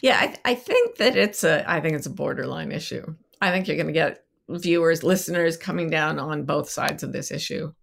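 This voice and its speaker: A woman's voice: low-pitched, normal speed, vocal fry, hardly any pauses. A woman co-hosting a podcast, rambling playfully and poking fun at herself in casual chat. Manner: rambling, playful, self-mocking. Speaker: podcast co-host.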